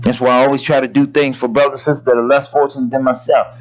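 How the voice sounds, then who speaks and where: A man's voice: medium pitch, racing, slight background noise, rough recording. A man preaching a sermon in an informal, conversational way, talking straight to the congregation and acting out quotes. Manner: lively preaching with loose asides and acted-out quotes; colloquial, talks to the congregation directly.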